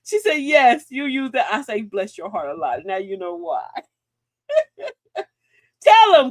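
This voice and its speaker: A woman's voice: fairly high pitch, very animated, measured pace, long pauses, no room sound. A woman hosting a live advice show, sassy and preachy, who laughs often and calls her listeners sis and queen. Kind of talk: livestream advice talk.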